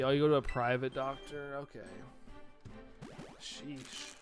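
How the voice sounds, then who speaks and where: A man's voice: medium pitch, level tone, measured pace. Chatty streamer man, faint music behind. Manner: chatty, reads viewer chat aloud and answers it. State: sniffly from allergies. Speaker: live streamer. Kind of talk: casual live-stream chat.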